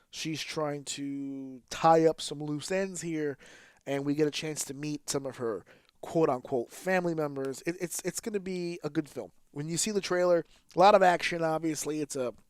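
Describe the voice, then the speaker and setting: A man's voice: fairly high pitch, normal speed, a little mellow, smooth, no room sound, studio quality. Candid, casually profane podcast host man. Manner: candid and casually profane, with filler words and restarts. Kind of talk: casual solo podcast commentary.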